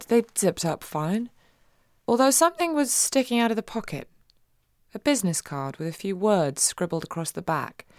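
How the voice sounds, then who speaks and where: A woman reading a first-person audiobook in a wry, expressive way, swinging between giddy and hushed. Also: mid-range voice, no room sound. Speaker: audiobook narrator.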